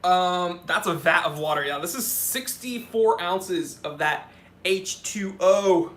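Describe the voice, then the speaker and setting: A man with a high, bright voice runs a casual live Q&A, reading viewer questions aloud. He answers in a joking way, full of quick asides and restarts mid-sentence. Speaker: watch channel host.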